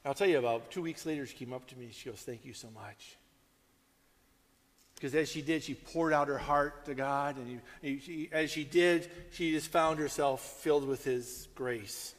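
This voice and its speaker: A pastor giving a sermon, telling stories animatedly and acting out the people in them. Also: male voice, on the high side, moderate pace, hardly any pauses, big-room sound. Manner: animated storytelling, acting out quotes in raised voice.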